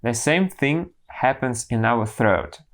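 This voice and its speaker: Slow, careful male singing teacher. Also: medium pitch, animated. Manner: slow, careful explanations with pauses and restarts. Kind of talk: explaining vocal technique.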